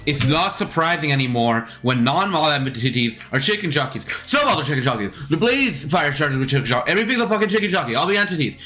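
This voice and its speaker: A man's voice: a little high, big pitch swings, fast, few pauses, sharp tone, faint music behind. A young man doing sarcastic, profane reaction commentary over a video. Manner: sarcastic, easily riled, swears a lot.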